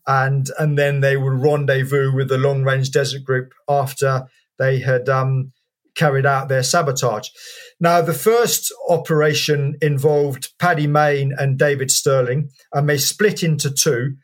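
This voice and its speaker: A man, an author and historian, answering an interview question as a lively anecdotal story with many fillers and restarts. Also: mid-range voice, unhurried.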